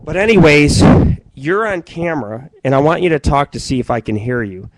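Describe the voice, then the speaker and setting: Man, internet radio host, rambling profane monologue, excitable, fairly high voice, dry close sound. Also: moderate pace, dry recording. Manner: excitable, jumps between loud outbursts and muttering. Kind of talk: rambling live-stream monologue.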